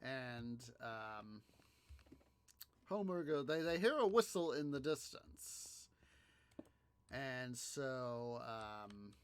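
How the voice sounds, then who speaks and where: A man hosting a gaming video, telling a story in a halting, rambling way, full of fillers and restarts as he plays. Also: mid-range voice, animated, smooth. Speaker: gaming channel host. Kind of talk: casual gameplay commentary.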